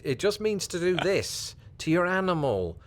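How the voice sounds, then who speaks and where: A man's voice: high voice, big pitch swings, moderate pace, faint music behind. A British man presenting a scripted comedic explainer about words, with a dry, wry delivery. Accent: British English. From Britain. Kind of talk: scripted humorous explainer narration.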